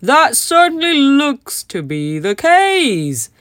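A woman's voice: high voice, very animated, takes it slowly, fairly bright tone, dry recording, studio quality, voice pushed up, exaggerated voice. A woman voicing a polite, formal male police officer who questions himself aloud.

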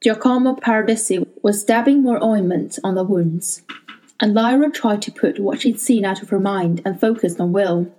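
A woman narrates a novel aloud at an even, measured pace. Her voice is warm and mellow, and it sits at a middle pitch. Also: low-quality recording. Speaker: audiobook narrator.

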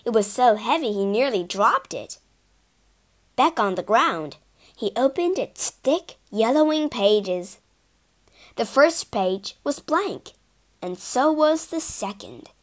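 A woman narrating a children's storybook in an expressive, sing-song read-aloud manner. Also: a little high, takes it slowly.

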